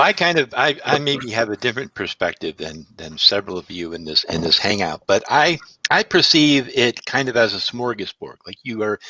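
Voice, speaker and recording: A man's voice: on the low side, no echo. A man outside the faith giving his view in a casual panel chat, thoughtful and acting out little scenes as he talks. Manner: reflective, lively, acts out scenes. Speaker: non-Christian panelist. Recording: dry, dull lo-fi mic.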